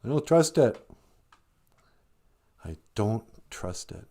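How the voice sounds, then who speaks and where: A man's voice: on the low side, big pitch swings, slow pace, warm tone, slightly rough. A man hosting a comedy podcast, talking in a dry, sarcastic way. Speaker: podcast host.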